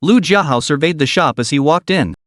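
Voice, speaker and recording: A man narrating a comic recap in a steady storytelling manner. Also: a little high, brisk, no echo, studio quality. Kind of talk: scripted narration.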